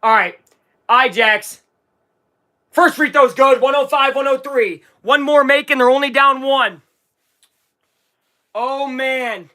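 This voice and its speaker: A live streamer calling a basketball game as an excitable fan, swinging from low muttering to shouting and swearing. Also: slow, long pauses. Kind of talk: live fan watch-along commentary.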